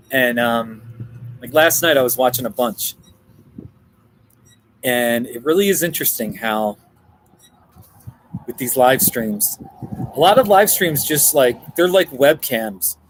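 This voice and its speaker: A man's voice: medium pitch, animated, slow pace, pauses often, a little hiss or hum, poor audio. A man chatting casually on a live stream from a coffee shop, rambling and answering viewer comments. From Colorado.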